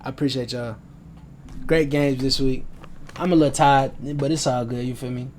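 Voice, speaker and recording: Speaking from home, a young man from the United States casually runs through his sports picks in slang, wandering off topic and acknowledging it. His medium-pitched voice is steady, a little mellow, and at normal speed, with faint hiss or hum.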